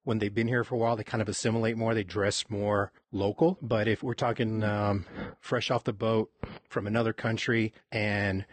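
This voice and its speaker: A man from Texas telling stories in a casual conversation, reflective and halting, often restarting his sentences. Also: fairly low pitch, level tone, no room sound. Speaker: podcast guest. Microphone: close mic on his own end.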